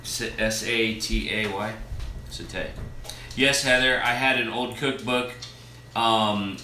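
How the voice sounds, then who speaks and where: An American man co-hosts a relaxed family live stream, cracking dad jokes and reading out viewer comments. His voice is strikingly bright. The room is echoey, with a little noise behind him. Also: fairly low pitch, a little slow. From United States. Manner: jokey, reads viewer comments aloud. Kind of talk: casual live chat.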